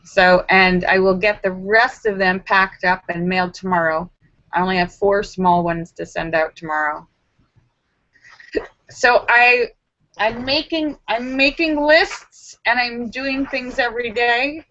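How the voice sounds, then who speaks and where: A woman hosting a casual live stream from home, telling stories in a rambling way with lots of fillers and restarts, and acting out her own frantic self-talk in sudden high squeals. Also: a little slow, a bit bright, dry recording. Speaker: livestream host. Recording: dull lo-fi sound.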